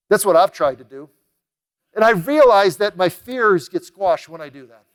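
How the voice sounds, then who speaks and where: A middle-aged man giving a motivational keynote talk, telling stories with energy and acting out the dialogue as he goes. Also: sits high. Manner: energetic, acts out quoted dialogue in a lively way. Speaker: motivational speaker.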